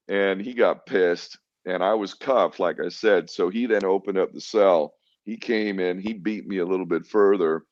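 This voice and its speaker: Middle-aged man, podcast guest, low and gruff, swearing freely, lo-fi and dry. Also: moderate pace, hardly any pauses, no room sound. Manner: blunt, profane, defiant, acts out quoted exchanges. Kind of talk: candid storytelling interview. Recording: dull lo-fi dry sound.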